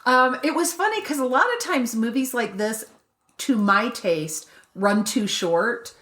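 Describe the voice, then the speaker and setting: A woman's voice: on the high side, a little slow. A woman co-hosting a podcast in casual chat, joking with wordplay and telling stories. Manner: joking, wordplay, animated storyteller. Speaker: podcast co-host.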